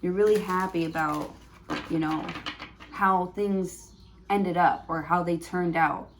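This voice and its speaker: A woman's voice: on the low side, steady tone, slow pace, slight background noise. A woman giving a prerecorded tarot reading, thinking aloud with many fillers and restarts. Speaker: tarot reader.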